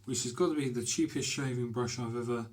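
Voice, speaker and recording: A man chatting to camera from a small bathroom, his delivery easygoing and full of pauses and fillers. His voice sits in an ordinary middle pitch. He sounds like someone filming himself at home. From Britain. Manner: chatty, hesitant with many fillers. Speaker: shaving vlogger. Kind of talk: casual talk to camera.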